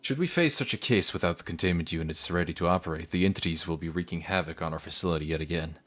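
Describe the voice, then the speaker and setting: A man's voice: deep voice, fast, fairly bright tone, soft background music. A man voicing a stern, fussy middle-aged facility manager from a game story, in a formal, lecturing manner.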